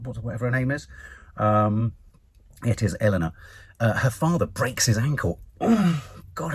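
A man with a husky, slightly rough voice reviews a TV episode in a loose, rambling way. His pitch swings widely as he gushes, swears freely and restarts his sentences. The recording is dry, with no room sound. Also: no room sound. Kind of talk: casual spoken review.

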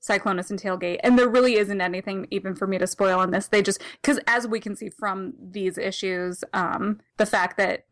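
Here is a woman co-hosting a podcast, her pitch sitting right in the middle of the usual range. She talks casually, laughs a lot and rambles into self-corrections. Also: steady tone, normal speed, few pauses. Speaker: podcast co-host. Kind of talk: casual comic discussion.

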